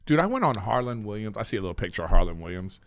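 A man's voice: on the low side, big pitch swings, rapid-fire. A man chats on a podcast, telling rambling stories with a voice that rises and falls a lot. The sound is dry and close, with no room echo. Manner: rambling anecdotal storyteller. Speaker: podcast co-host. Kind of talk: casual chat.

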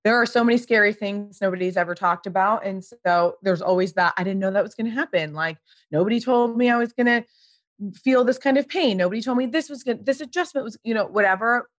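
A woman in her thirties chatting as a podcast guest, with lots of fillers and animated voices when she quotes people. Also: fairly high pitch, brisk, no room sound, clean studio sound. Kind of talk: casual chat.

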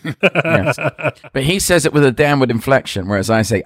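A man guesting on a casual podcast, telling a long story in a rambling, hesitant way, full of pauses and restarts. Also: medium pitch, lively intonation, a bit bright, no echo, clean studio sound. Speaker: guest magician.

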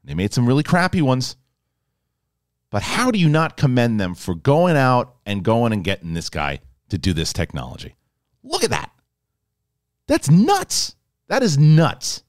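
A male host giving a casual spoiler review in an excitable, rambling way. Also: mid-range voice, normal speed, dry recording, clean studio sound.

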